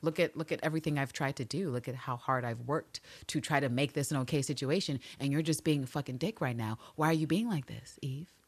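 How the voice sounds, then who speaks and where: A woman putting on a young female assassin who pleads in a hushed, wounded voice as she recaps a scene. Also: rumbling low, brisk, few pauses, slightly rough, voice pushed down, full character voice. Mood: pleading.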